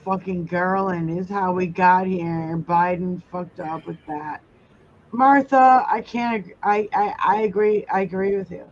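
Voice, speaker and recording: A woman's voice: on the low side, steady tone, measured pace, dull audio, slight background noise. A woman hosting a casual livestream, ranting angrily with heavy swearing while reading viewer comments. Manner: angry, heavy swearing rant.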